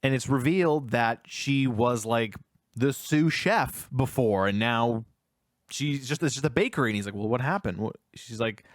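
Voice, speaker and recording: A man's voice: mid-range voice, normal speed, dry recording. Man retelling a film, dry close sound. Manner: retells scenes at length, acting out the characters' lines. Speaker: podcast co-host. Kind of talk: casual film review chat.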